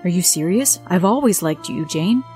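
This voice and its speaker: A woman voicing a friendly, soft-spoken young man in a told story. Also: lowish voice, expressive, moderate pace, soft background music, close to an everyday voice.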